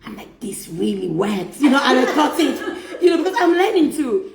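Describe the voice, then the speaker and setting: A middle-aged woman telling a personal story in a casual faith-based chat, animated and often laughing as she quotes herself. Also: sits high, brisk, crowd noise. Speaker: host. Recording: echoey room.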